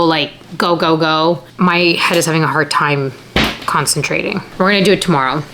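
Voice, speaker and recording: A woman's voice: sits low, slight background noise. Tired, chatty young woman vlogging. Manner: chatty, animated, self-deprecating. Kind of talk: casual vlog chat to camera.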